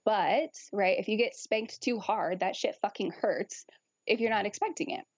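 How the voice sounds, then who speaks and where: A woman's voice: mid-range voice, moderate pace, husky, no room sound, muffled recording. A woman guest on a podcast, talking frankly and casually with frequent laughter and swearing. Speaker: guest kink educator.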